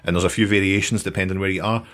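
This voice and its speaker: A man's voice: low-pitched, steady tone, very fast, fairly bright tone. A Scottish man hosting a podcast, telling a story in a jokey, sweary way and laughing often. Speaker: podcast host. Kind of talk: casual chat, storytelling.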